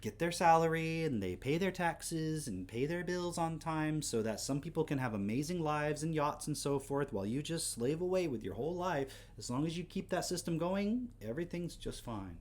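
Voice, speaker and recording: A man's voice: on the high side, lively intonation, normal speed, few pauses, darkish tone. A man hosting a livestream, chatting casually to his viewers about a clip. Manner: casual, offhand, talking to the chat. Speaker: livestream host. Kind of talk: casual reaction commentary.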